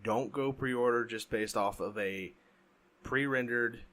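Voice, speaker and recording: A man's voice: mid-range voice, measured pace, fairly bright tone. A man co-hosting a podcast in casual chat, talking emphatically and ranting with strong opinions. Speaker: podcast co-host.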